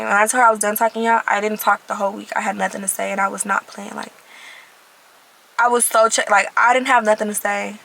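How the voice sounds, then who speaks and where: A young woman shares her faith testimony in an earnest, emphatic way, often repeating a phrase to drive it home. Her voice is bright and sharp, with a gravelly fry running through it. She talks casually, as if to friends watching. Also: medium pitch, rough recording. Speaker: vlogger sharing her testimony. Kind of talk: personal faith testimony, casual talk to camera.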